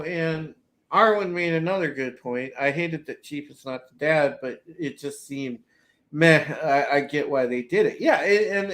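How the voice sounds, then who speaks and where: Laid-back man co-hosting a podcast. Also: fairly high pitch. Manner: relaxed, filler-heavy, repeats words. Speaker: podcast co-host. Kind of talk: casual podcast discussion.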